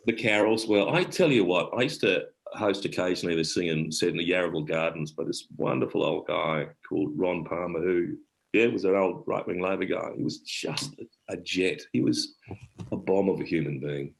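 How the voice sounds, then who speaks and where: This middle-aged Australian actor and storyteller spins casual, rambling tales with warmth, often cutting himself off mid-sentence. His low, creaky voice moves briskly over a low-quality recording.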